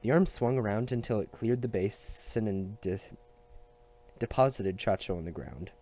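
Low, mellow male audiobook reader. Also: moderate pace, dull audio. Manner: steady reading with small slips and restarts. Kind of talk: reading a novel aloud.

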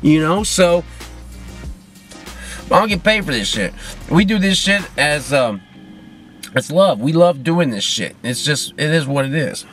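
A man's voice: on the high side, expressive, measured pace, fairly bright tone, faint music behind. A man hosting a podcast, ranting alone from his car, drinking and rambling with lots of swearing and jokes at his own expense. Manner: rambling, profane, self-mocking. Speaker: podcast host. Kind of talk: casual solo rant.

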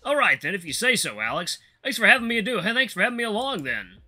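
A man's voice: high-pitched, very animated, fast talker, pushed and bright, voice pushed up, full character voice. A man voicing a timid, hesitant young male cook who stammers. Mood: unsure.

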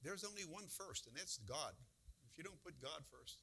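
A man's voice: fairly high pitch, animated, moderate pace, gravelly, sharp tone, slight background noise. A man preaching a conversational sermon as a church pastor, full of rhetorical questions.

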